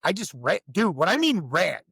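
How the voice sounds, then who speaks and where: A man's voice: high voice, sing-song, normal speed, gravelly, sharp tone, slightly rough, no echo. A man who is a podcast guest, telling stories in a blunt, profane, casual way. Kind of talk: casual conversation.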